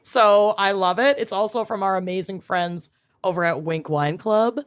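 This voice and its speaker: Woman, podcast co-host, from minnesota, giggly playful chat, mid pitch. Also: moderate pace, clear, resonant tone. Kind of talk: casual chat.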